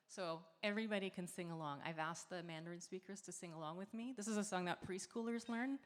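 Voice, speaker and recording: A woman's voice: lowish voice, normal speed. Woman performer, casual stage chat, reverberant hall, faint music behind. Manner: relaxed, friendly, with filler words and light laughs. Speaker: singer and performer. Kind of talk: chatty stage introduction to an audience. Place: large hall at a community celebration. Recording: live hall sound with long reverb.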